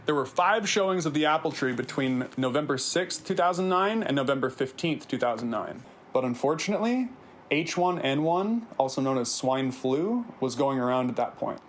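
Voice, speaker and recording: A man's voice: medium pitch, expressive, moderate pace, a little hiss or hum. A man around thirty, hosting a personal video series, narrating scripted reflections in an earnest, confessional way.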